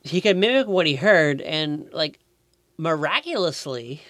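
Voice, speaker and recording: A man's voice: on the high side, big pitch swings, a little slow, dry recording. A man co-hosting a podcast, telling a story in casual chat, swearing a lot and loading his talk with fillers. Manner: profane, filler-heavy storytelling with loud put-on voices. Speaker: podcast co-host.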